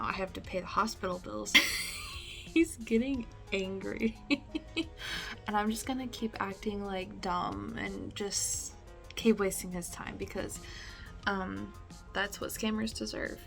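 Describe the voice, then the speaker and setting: Woman vlogger chatting casually, bright kinda high voice, lots of "like", a bit of fry, faint music behind. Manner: chatty and amused, peppered with "like". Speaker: scam-baiting vlogger. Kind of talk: casual chat.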